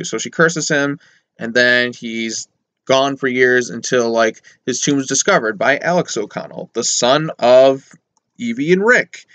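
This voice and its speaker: A man's voice: mid-range voice, measured pace, a bit bright, no echo. Rambling, conversational male movie reviewer. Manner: rambling and conversational, full of fillers and asides; sarcastic mock voices when quoting characters. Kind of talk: casual spoken film review.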